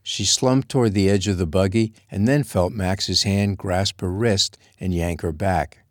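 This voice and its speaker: A man reading a romance novel aloud as narrator, in a steady, measured way. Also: sits low, no echo, clean studio sound. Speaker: audiobook narrator. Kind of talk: scripted narration.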